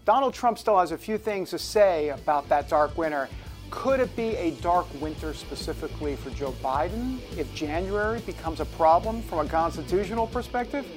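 A man hosts a casual political talk show with a playful, theatrical delivery. Now and then he drops his voice low and spooky for effect. Rain and rolling thunder play behind him. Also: animated, moderate pace, music in the background.

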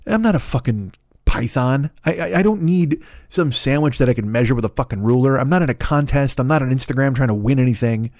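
A man's voice: mid-range voice, expressive, a little fast, a little mellow, no room sound, clean studio sound. A man hosting a podcast, ranting in a profane, exasperated and rambling comedic way. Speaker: podcast host.

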